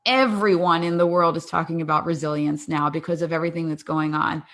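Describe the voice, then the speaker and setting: Animated woman telling a family story. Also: sits low, brisk. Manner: animated storyteller who acts out dialogue and laughs often. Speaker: podcast guest. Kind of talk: casual interview storytelling.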